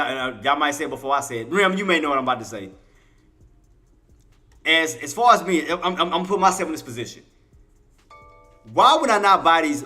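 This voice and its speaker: Animated man preaching trading tips to chat. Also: a little high. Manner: animated, preachy, repeats himself, quizzes chat; casual colloquial speech, talks to chat as y'all. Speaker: trading livestream host. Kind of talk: live intraday trading commentary.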